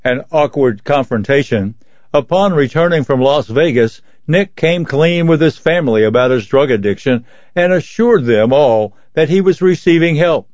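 Man reading magazine news aloud, steady. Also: fairly high pitch, dry recording. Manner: steady, measured read-aloud delivery. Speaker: volunteer reader for a radio reading service. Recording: dull, lo-fi, dry sound.

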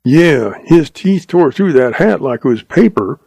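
A man's voice: fairly high pitch, animated, unhurried, creaky, a little mellow, husky, no room sound, voice pushed up, full character voice. A man voicing an old, folksy western man with a drawl, grateful and worried. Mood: grateful, uneasy.

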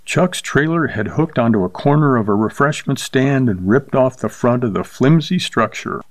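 A man reading a short story aloud with steady, measured narration. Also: mid-range voice, dry recording.

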